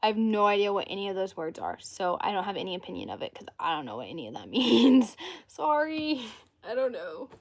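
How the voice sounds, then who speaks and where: 18 yr old girl just rambling on her livestream, lots of likes and ums, mid-pitched voice. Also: very animated, a little fast. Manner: rambling, chatty, reads comments. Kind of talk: casual livestream chat.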